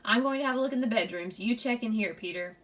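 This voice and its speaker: A woman's voice: fairly high pitch, fast, fairly bright tone, distant mic, lightly acted. A woman voicing a fretful, doting mother of two boys in a children's book read-aloud. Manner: fretful and exclaiming.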